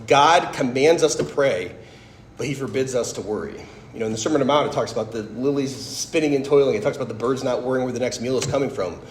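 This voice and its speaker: A man's voice: mid-range voice, fast, echoey room, a little hiss or hum. A man in his thirties giving a personal testimony talk, chatty and storytelling, often tossing in "like" and "right?". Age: 30s. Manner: conversational, storytelling, frequent "like" and "right?". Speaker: speaker giving a faith talk.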